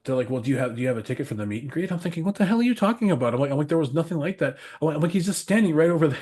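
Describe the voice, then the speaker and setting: A man on a podcast telling rambling, animated road stories, laughing often and swearing freely. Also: a little high, rapid-fire, breathy edge. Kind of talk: casual storytelling chat.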